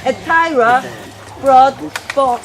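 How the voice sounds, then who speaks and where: Woman tour guide, slightly high voice, lively explaining, group chatter and animals behind. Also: slow. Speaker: sanctuary founder giving a guided tour. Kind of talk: outdoor guided tour talk. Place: outdoor wildlife sanctuary with a tour group.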